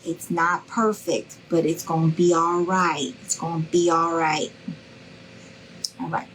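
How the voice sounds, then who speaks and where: Woman, middle-aged, slow, chatty live craft tutorial. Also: on the low side, little pitch movement, a bit bright, a little hiss or hum, rough recording. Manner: chatty, reassuring, greets viewers by name. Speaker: craft instructor.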